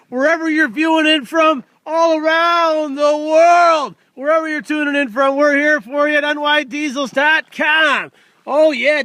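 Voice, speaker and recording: A man giving a loud, excitable, folksy sales pitch outdoors while walking around a truck for sale. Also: no room sound. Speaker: used truck dealer. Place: outdoors by a truck in freezing cold. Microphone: handheld camera filmed by a helper.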